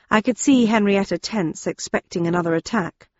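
A woman's voice: medium pitch, moderate pace, few pauses, dull audio. A woman narrating a novel in the first person, in a dry, wry storytelling manner. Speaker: audiobook narrator.

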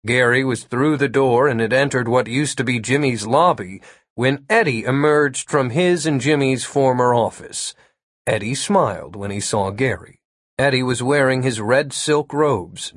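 Husky-voiced male audiobook narrator. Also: mid-range voice, dry recording, clean studio sound. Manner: steady storytelling delivery. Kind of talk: scripted narration.

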